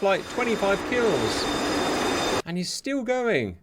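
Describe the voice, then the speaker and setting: Excitable host calling a simulated battle, dry sarcasm, medium voice, noisy recording. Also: male voice, mid-range voice, moderate pace. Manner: excitable, sarcastic, talks to viewers. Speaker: war game commentator. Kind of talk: live gameplay commentary. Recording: steady hiss behind the voice.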